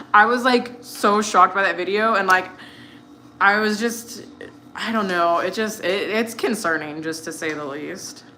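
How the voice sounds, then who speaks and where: A woman's voice: mid-range voice, sharp tone, slight background noise. An American woman in her thirties, chatting casually while cooking, rambling with lots of fillers. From United States. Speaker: vlogger.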